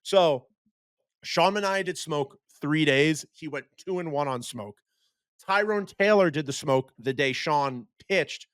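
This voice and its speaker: A man co-hosting a casual podcast chat, telling lively anecdotes and laughing as he talks. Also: a little high, a little slow, clean tone, no room sound, studio quality. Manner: animated storyteller who laughs mid-sentence. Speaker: podcast co-host.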